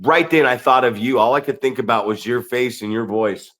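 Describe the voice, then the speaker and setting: This podcast co-host and pro wrestler tells a story casually, rambling and swearing as he goes, often checking in with "right?" His voice is medium-pitched and fairly bright, and he talks fairly quickly.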